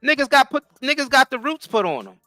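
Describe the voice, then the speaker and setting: A man's voice: extremely high pitch, very animated, a little fast, bright, forceful tone, no echo, faint music behind. A man co-hosting a podcast, talking in a casual, emphatic, profane way. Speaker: podcast co-host. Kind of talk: casual chat.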